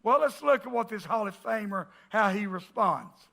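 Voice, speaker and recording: A male pastor, preaching a sermon in a church, joking with the congregation and breaking into emphatic shouts. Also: high-pitched, expressive, moderate pace, vocal fry. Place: church sanctuary.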